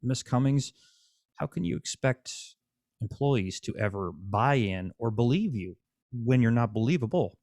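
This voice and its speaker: A man's voice: medium pitch, expressive, a little slow, darkish tone, dry recording, clean studio sound. A man hosting a casual interview, speaking bluntly and preachily and swearing freely. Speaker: podcast host.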